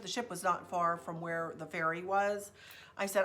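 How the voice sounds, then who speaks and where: A woman telling a story in a chatty, expressive vlog. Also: on the low side, unhurried. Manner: chatty, expressive, says "y'all". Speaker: vlogger.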